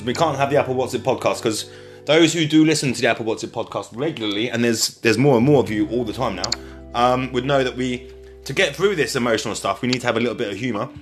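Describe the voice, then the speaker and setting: A man's voice: mid-range voice, soft background music. A man hosting a casual podcast interview, rambling and joking, apologising as he goes. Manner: jokey, rambling, quick to apologise. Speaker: podcast host.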